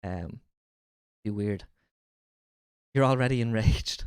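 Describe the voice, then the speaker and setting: A man's voice: on the low side, takes it slowly, darkish tone, smooth, no echo, clean studio sound. A man with a light Irish accent chatting casually and jokingly as a streamer. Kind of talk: casual live-stream reaction chat.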